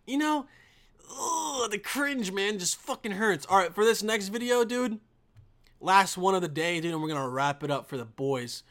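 Brash, profane young man with a high voice. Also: lively intonation, normal speed, a bit bright. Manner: profane, mocking, rambling. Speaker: vlogger. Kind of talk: casual commentary on videos.

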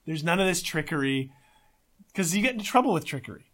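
A man co-hosting a casual podcast, talking in an excitable, emphatic way and swearing often. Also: on the high side, fast. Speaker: podcast co-host.

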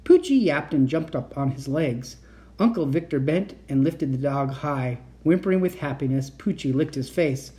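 A man's voice: fairly high pitch, expressive, moderate pace, dark tone. A man reading a children's book aloud, narrating the story expressively and acting out the dialogue. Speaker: reader of children's books.

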